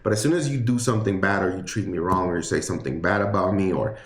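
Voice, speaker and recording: A man's voice: sits low, fast, roomy sound. A man giving a casual livestream tarot reading, chatty and rambling with many fillers and restarts. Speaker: tarot reader.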